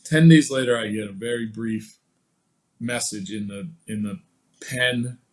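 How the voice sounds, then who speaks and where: A man guesting on a podcast, telling a personal story in a casual, animated way and acting out the quoted dialogue. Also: on the low side, measured pace, poor audio. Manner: casual, many fillers like "like" and "you know".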